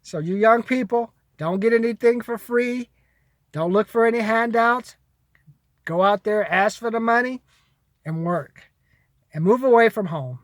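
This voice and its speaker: A man's voice: high voice, unhurried, pauses often, dry recording. A man giving blunt, profane money advice in a casual monologue to camera.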